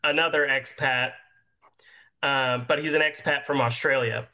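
A man's voice: medium pitch, fairly even intonation, measured pace, pushed and bright. A young man narrating a tabletop game as game master, rambling with many fillers.

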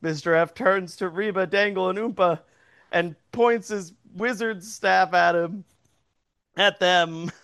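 A man's voice: high-pitched, slow pace, creaky, fairly bright tone, smooth. A man improvising a goofy story as a game host, laughing often and rambling with fillers. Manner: giggly, rambling, puts on silly voices.

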